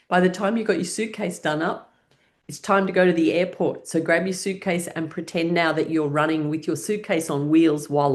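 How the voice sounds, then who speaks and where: A woman leading a guided laughter exercise session as an instructor, playful and coaxing, often breaking into exaggerated laughter. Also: low voice. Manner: cheerful, coaxing participants to play along.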